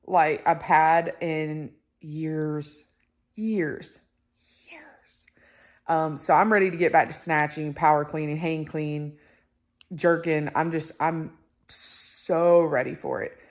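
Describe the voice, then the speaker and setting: A young woman, chatting casually to camera, excitable and full of fillers. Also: low-pitched, slow. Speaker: vlogger.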